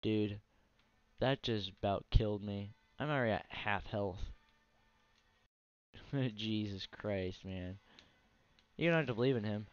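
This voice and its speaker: A tired man speaks unhurriedly in a lowish voice with long pauses, ranting bluntly and profanely over his own console gameplay. He hosts a gaming channel, and this is casual let's play commentary captured dry on a dull lo-fi mic.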